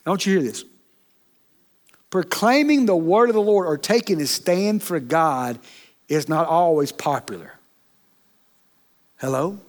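A man preaching a sermon in a chatty, animated way, often checking in with the congregation. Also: on the high side, a little slow, pauses often. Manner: animated, chatty, keeps asking the congregation "okay?".

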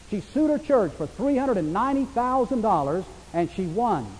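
A man's voice: high-pitched, warm tone, big-room sound, a little hiss or hum, low-quality recording. A man preaching a sermon as a pastor, conversational and emphatic, asking his listeners rhetorical questions.

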